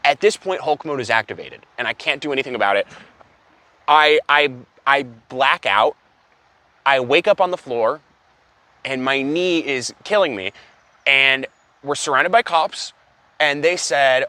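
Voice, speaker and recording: A young man telling an absurd story as an exasperated, profane, deadpan comedy rant. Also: mid-range voice, normal speed, no room sound. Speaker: comedic vlogger.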